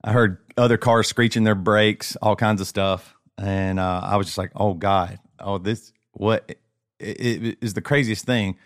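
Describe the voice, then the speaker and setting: A man with a lowish voice recounts what happened to him in an unsettled, stop-start way, often circling back over his own words. His speech is casual and close to the mic, with a dry sound and almost no room around it. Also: fairly even intonation, no echo. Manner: shaken, halting, many restarts and repeats. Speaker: podcast co-host. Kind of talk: casual chat, personal story.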